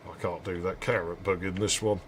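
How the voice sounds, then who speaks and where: A man's voice: deep voice, steady tone, a little fast, noisy background. A man giving joking, rambling commentary while playing a game. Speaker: streamer. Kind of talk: casual gameplay commentary.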